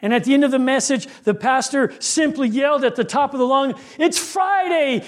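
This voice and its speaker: A man preaching a sermon with rhythmic refrains, building intensity and dropping low on key lines. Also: fast talker.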